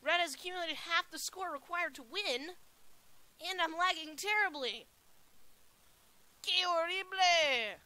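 A woman commentating her own gameplay live, excitably shouting spell names and taunts at opponents. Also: extremely high pitch, normal speed. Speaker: gaming channel host.

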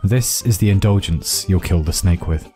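A man's voice: sits low, normal speed, warm tone, soft background music, close to an everyday voice. A man doing a blunt, weary old woman. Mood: dry. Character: gruff, hard-drinking old woman guide.

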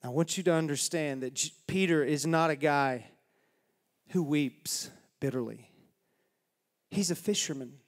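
A man's voice: on the high side, a little fast, hardly any pauses. A male pastor preaching a sermon in a church, telling a story in a dramatic, folksy way. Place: church sanctuary. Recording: long reverb of a church hall.

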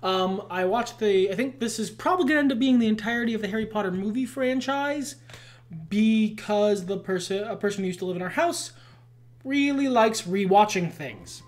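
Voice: mid-range voice, expressive, normal speed. A podcast co-host chatting casually about movies, with dry, blunt asides.

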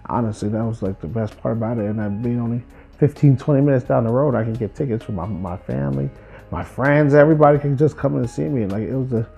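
A man's voice: medium pitch, fast talker, gravelly, slightly rough, dull audio, soft background music. A man in his twenties from New Jersey, a former college football player, reflecting on his life and acting out what others said to him. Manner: acts out quoted people with lively voices. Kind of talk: reflective personal storytelling.

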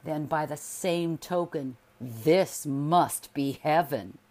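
A woman voicing a bitter, sickly husband who accuses his wife in loud, slow, forceful lines, read as a storybook figure. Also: deep voice, full character voice. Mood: angry.

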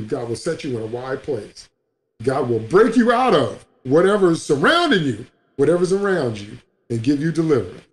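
A man's voice: medium pitch, darkish tone, echoey room. A man preaching a sermon as a pastor, emphatic and repetitive, in a livestream broadcast.

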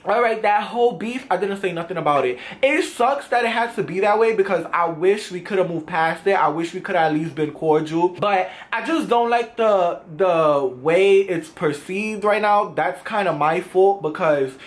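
A man's voice: high voice, moderate pace, few pauses. A young man vlogging, animatedly retelling a confrontation in casual slang, acting out what was said. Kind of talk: storytime vlog.

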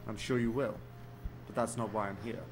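An actor playing a calm, polite male police officer who speaks in a measured, formal way. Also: fairly low pitch, background noise, natural voice.

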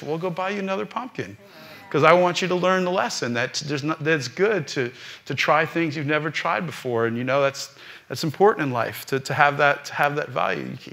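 A man preaching as a rabbi and pastor, telling a personal story during a live church service with animated, rising peaks. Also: fairly high pitch, vocal fry.

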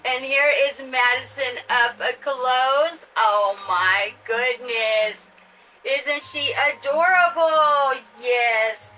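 An older woman hosts a casual unboxing vlog, gushing and chatty as she talks to her viewers. Her voice sits high and she takes her time. She sounds a little far from the mic, with soft music underneath. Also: very slow, a little hiss or hum. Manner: gushing, chatty, addresses viewers as you guys. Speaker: doll channel host.

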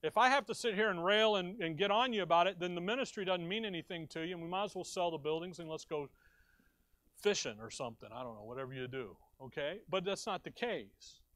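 A man's voice: sits high, quick pace, a bit bright, no echo. A man preaching a sermon from the pulpit, talking conversationally and rising to emphatic bursts. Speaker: pastor. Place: church sanctuary.

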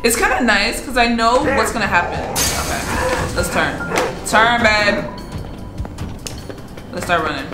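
A woman's voice: mid-range voice, lively intonation, measured pace, long pauses. A young woman streaming a horror game, jumpy and easily frightened, exclaiming, talking herself through it and laughing nervously. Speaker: gaming streamer. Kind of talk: frightened live gameplay commentary. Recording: roomy echo. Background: game music.

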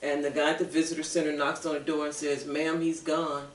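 A woman as an interview guest, telling her personal story in an earnest, halting way with restarts. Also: sits low, little pitch movement. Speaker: guest author. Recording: echoey room, mic far off.

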